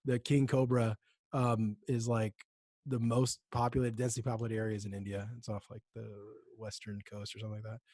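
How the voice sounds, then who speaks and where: A man's voice: fairly low pitch, level tone, a little fast, darkish tone, no echo, clean studio sound. A young man co-hosting a casual chat podcast, telling rambling stories with many restarts. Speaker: podcast co-host.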